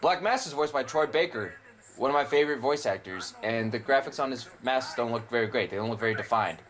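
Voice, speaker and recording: A man's voice: medium pitch, expressive, brisk, fairly bright tone. A young man casually commentating a video game, rambling and opinionated, with frequent swearing. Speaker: gameplay commentator. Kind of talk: casual let's play commentary.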